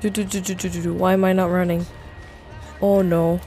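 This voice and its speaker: A woman's voice: lowish voice, flat delivery, normal speed, warm tone, faint music behind. A young woman streaming a horror game live, talking to her chat with jumpy remarks and plenty of swearing. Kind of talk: live gameplay commentary.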